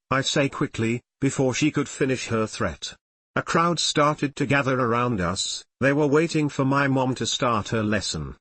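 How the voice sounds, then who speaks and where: A man reads a fan fiction story aloud at an ordinary middle pitch. He keeps every character's lines in much the same voice as the narration. The recording is close and dry, with no room sound. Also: normal speed, fairly bright tone, dry recording. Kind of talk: audiobook-style story reading.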